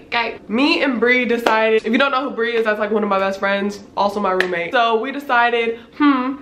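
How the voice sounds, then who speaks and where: A woman in her twenties with a congested voice, casually telling a storytime tale with animated delivery, laughing often and filling her talk with "like.". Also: mid-range voice. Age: 20s. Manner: animated, laughing, lots of "like" fillers. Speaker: vlogger. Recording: roomy echo, faint background noise.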